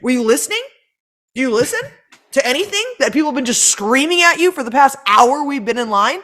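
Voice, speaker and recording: A woman's voice: sits high, lively intonation, brisk, a bit bright. A woman co-hosting a roundtable podcast, ranting in a profane, exasperated way. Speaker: podcast co-host. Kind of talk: roundtable chat.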